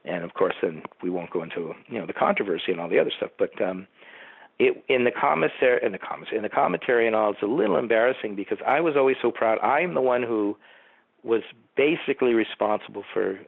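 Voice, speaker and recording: A man's voice: on the low side, expressive, fast, gravelly, husky, no room sound. An older man from Southern California, a producer being interviewed, telling rambling stories and acting out what people said. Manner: rambling storyteller who acts out quotes. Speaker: producer and writer, interview guest. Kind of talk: casual anecdotal interview. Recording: tinny phone line, dry.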